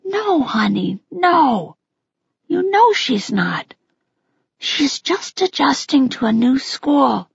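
A woman's voice: sits high, very animated, slow pace, gravelly, dry recording, highs cut off, pitched above the performer's own voice, exaggerated voice. A woman whispering as a tired, tender mother. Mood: soothing, weary. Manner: soft, soothing hush. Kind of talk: whispered role-play.

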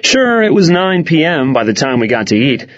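A man reading first-person audiobook narration in a wry, expressive way. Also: a little high, normal speed. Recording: dull lo-fi recording.

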